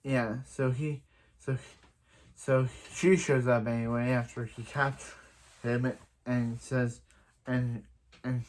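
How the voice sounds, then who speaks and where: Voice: medium pitch, level tone, slow, pauses often, darkish tone. A person giving a casual, rambling recap of a TV episode, with many restarts and fillers. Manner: acts out quoted lines in other voices. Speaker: show reviewer.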